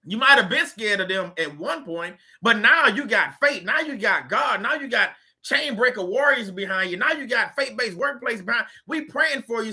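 Bright-voiced man giving a preachy pep talk. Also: high-pitched, expressive, moderate pace, few pauses, husky. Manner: preachy and repetitive, colloquial. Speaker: host. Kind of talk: casual motivational faith talk.

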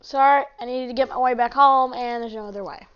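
High-ish girl voice narrating a game, chatty and rambly, kinda dull lo-fi mic. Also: fairly even intonation, brisk, clean tone. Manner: chatty, rambling, keeps apologizing. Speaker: gaming video host. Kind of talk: let's play commentary.

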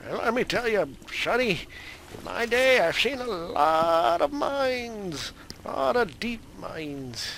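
A man voicing a boastful old man who reminisces about the old days in a drawn-out, folksy way. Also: sits high, big pitch swings, gravelly, fairly bright tone, a little hiss or hum, pitched above the performer's own voice, full character voice, low-quality recording.

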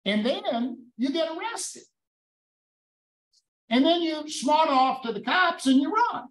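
A man on a parole board fires stern, pointed questions in a fairly high voice. He sits well back from the mic, and the room around him echoes. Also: very animated, takes it slowly, fairly bright tone, recorded from a distance. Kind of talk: hearing interrogation.

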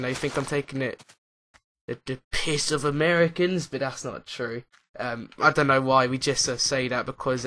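A man's voice: medium pitch, bright, forceful tone, a little hiss or hum. A young British man rambling casually as he plays and comments on a building game. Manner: rambling and chatty, thinking aloud while playing. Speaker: gaming channel host. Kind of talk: let's-play commentary.

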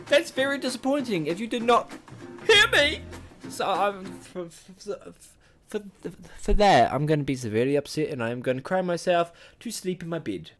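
A man hosting a casual reaction video, talking in a playful, exaggerated, excitable way. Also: sits high, moderate pace, soft background music.

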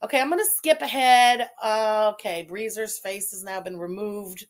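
A woman's voice: medium pitch, fairly even intonation, moderate pace. A woman with a Canadian accent hosting a casual commentary stream, blunt and sarcastic, swearing freely as she reads out super chats.

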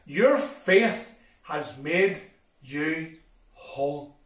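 Bible-story healer, calm and gentle but commanding, voiced by a male storyteller; high, distant in a big room. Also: drawn-out words. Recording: echoey hall from far off.

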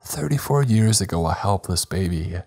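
A man voicing an unhinged adult son who talks with calm menace and a whimpering servility, over faint music. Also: sits low, normal speed, creaky, voice pushed up, full character voice. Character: unhinged adult son, male, psychopathic, servile to his father.

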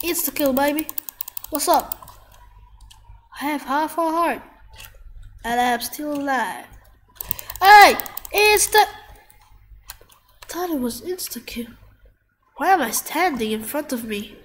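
Gamer woman with a cold, high voice and slow, drawn-out delivery, excitable with trash talk. Good for playthrough commentary. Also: a little hiss or hum. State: sick, coughing. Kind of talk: live gameplay commentary.

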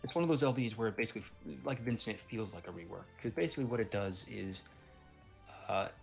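Fast gravelly man rambling about games. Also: on the low side, faint music behind. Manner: rambling, self-correcting, swears. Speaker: podcast co-host. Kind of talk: casual gaming stream chat.

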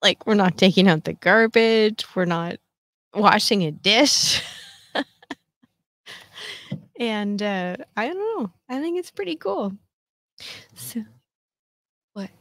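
A woman's voice: mid-range voice, lively intonation, takes it slowly, long pauses, a bit bright. A woman in her fifties talks casually on her own podcast, rambling from one thing to the next with plenty of fillers. She pokes fun at herself as she goes. Her voice sits in a mid register and sounds close and dry, with no room echo. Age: 50s. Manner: chatty and self-mocking, frequent fillers. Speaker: podcast host. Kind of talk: casual solo chat.

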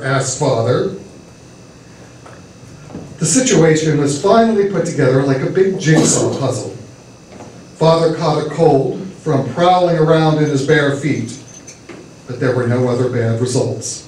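A man reading a humorous story aloud with expressive storytelling delivery, performing at a church variety show. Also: a little high, a little slow, pauses often, slight background noise. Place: church hall with audience. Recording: echoey hall from far off.

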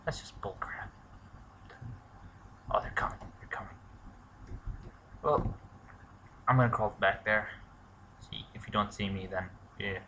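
A man giving let's play commentary, muttering to himself and swearing, breaking into shouts when things go wrong. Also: lowish voice, a little slow, long pauses, slight background noise. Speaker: gamer.

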